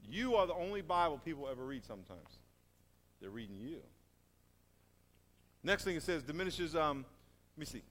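Man, pastor, animated sermon, rhetorical questions, reverberant hall. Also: fairly high pitch, moderate pace, long pauses.

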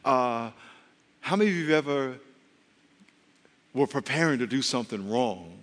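A man preaching a sermon as pastor, conversational and humorous, with quick asides to the congregation. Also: mid-range voice, expressive, a bit bright, big-room sound.

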